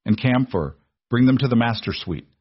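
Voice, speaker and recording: A man voicing a gruff, protective aristocrat who gives curt orders, in a dull lo-fi recording. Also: mid-range voice, lively intonation, normal speed, no echo, close to an everyday voice. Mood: commanding.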